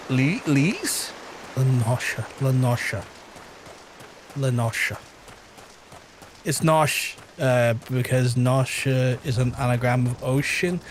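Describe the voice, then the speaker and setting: Excitable gamer swearing at loot. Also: male voice, a little hiss or hum. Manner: excitable, swears often, pitch jumps high when amazed. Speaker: streamer. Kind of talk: casual gaming livestream chat. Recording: faint background music.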